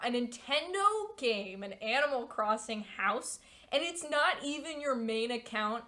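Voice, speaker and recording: A young woman streamer in her twenties with a somewhat high voice. She rambles casually from story to story and swears a lot as she talks. Her telling is loose and animated. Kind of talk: casual chat.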